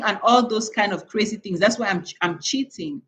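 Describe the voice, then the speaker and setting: A woman's voice: fairly high pitch, expressive, fairly quick, hardly any pauses, muffled recording, slight background noise. A woman from Cameroon hosting a live stream, lecturing her viewers in an emphatic way and repeating words for stress. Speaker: channel host.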